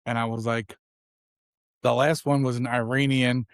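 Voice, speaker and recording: A podcast co-host in his twenties tells a long, rambling anecdote in casual chat, acting out the other man's lines. His mid-range voice has little pitch movement and normal speed, recorded at studio quality with no echo.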